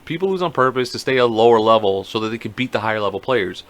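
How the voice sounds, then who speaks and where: A man's voice: mid-range voice, animated, fast, fairly bright tone. A man co-hosting a podcast, telling a story in casual chat, acting out quotes and swearing freely. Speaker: podcast co-host.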